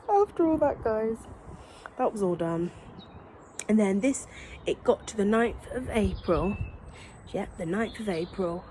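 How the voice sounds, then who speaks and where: Young woman, casual vlog storytelling, low-pitched, rambling with self-corrections, faint background hiss. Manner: chatty, rambling, often corrects herself and addresses viewers as guys. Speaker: new mother telling her birth story.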